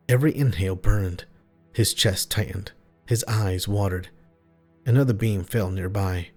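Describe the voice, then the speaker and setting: Low-voiced man narrating horror. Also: a little mellow. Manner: terse, tense short phrases. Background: faint music.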